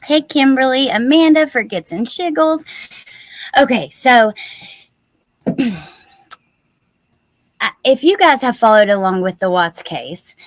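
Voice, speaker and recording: A woman's voice: fairly high pitch, lively intonation, slow, pauses often, dry recording. A woman hosting a casual livestream, chatty and upbeat, thanking and greeting viewers by name. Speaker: true-crime YouTube livestream host.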